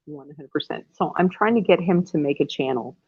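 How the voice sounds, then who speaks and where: A woman's voice: low voice, fairly quick, a little mellow, husky, no room sound. A woman hosting a casual livestream from home, rambling and effusive, often breaking into laughter. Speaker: livestream host. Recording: tinny phone-like sound.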